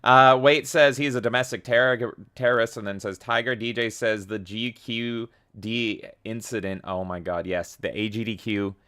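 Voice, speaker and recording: A man's voice: lowish voice, steady tone, moderate pace, hardly any pauses, sharp tone, smooth. A man hosting a livestream, casually reading viewers' chat messages aloud and swearing offhandedly. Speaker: livestream host.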